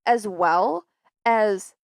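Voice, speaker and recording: A woman's voice: mid-range voice, lively intonation, drawn-out words, dry recording, clean studio sound. A woman co-hosting a podcast, explaining her research in casual chat and laughing along with her partner. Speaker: podcast co-host.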